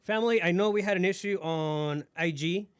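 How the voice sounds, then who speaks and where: A man's voice: sits high, normal speed, smooth, no room sound. A man hosting a podcast, Spanish a first language, chatting casually with upbeat hype sign-offs. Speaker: podcast host.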